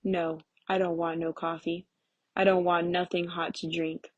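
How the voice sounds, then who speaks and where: Lady reading as a bitter, angry young husband, husky low voice, pretty flat, kinda loud. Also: measured pace, no room sound, muffled recording. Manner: angry, sneering, raised voice. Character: bitter, restless young husband, grown man.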